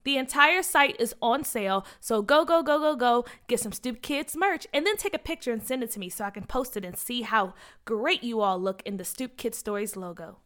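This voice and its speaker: An excited woman hosts a children's story show. She talks with a lot of energy, and her voice is high and bright. She reads announcements and then narrates the story. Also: normal speed. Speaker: children's story podcast host.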